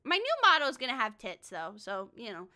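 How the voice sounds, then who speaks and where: Woman game streamer, high voice, very bright tone, giggly, crude, rambling, casual chat. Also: wildly swooping pitch, brisk. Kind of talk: casual livestream chat with reading aloud.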